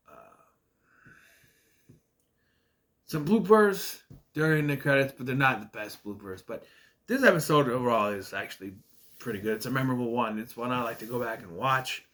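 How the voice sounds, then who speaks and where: A man casually recapping a sitcom episode, rambling and quoting characters in quick asides. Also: medium pitch, fairly bright tone. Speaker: retro TV show reviewer.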